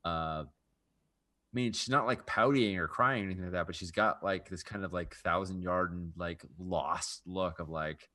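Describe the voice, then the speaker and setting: A man playing a tabletop game, describing his character haltingly. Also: low-pitched, bright, forceful tone. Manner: halting, many fillers and restarts. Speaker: player. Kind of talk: casual tabletop game chat.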